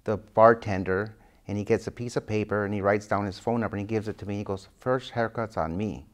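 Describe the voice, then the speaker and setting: A man's voice: lowish voice, level tone, quick pace. A man being interviewed as an author, telling stories animatedly and acting out the dialogue he quotes. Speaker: guest author. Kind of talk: interview storytelling.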